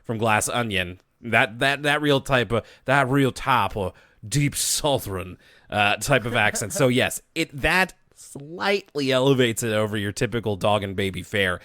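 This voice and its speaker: A man's voice: medium pitch, pushed and bright, no room sound, clean studio sound. Chatty man recapping on a podcast. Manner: chatty, recaps episodes in detail. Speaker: podcast co-host.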